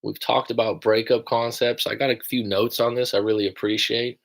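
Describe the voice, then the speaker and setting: A man's voice: mid-range voice, flat delivery, brisk, gravelly. A young American man who coaches people through breakups, chatting casually and rambling on a livestream, swearing now and then. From United States.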